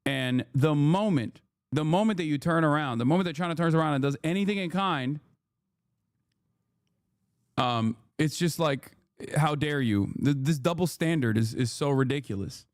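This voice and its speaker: A man's voice: on the high side, normal speed, dry recording, clean studio sound. A man streaming his reactions to a news clip, swearing and sarcastic, slipping into mocking voices when he quotes others. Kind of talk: casual political commentary.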